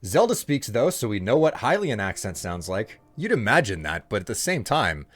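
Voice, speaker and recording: A man's voice: lowish voice, very animated, moderate pace. A young man streaming a game, chatting casually and joking with lots of fillers. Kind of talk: casual live-stream chat.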